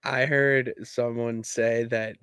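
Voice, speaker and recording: Animated man on a podcast, dry close mic. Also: mid-range voice, slow pace, clear, resonant tone, no echo. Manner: animated storytelling, bursts into loud laughs. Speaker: podcast co-host. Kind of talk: casual chat.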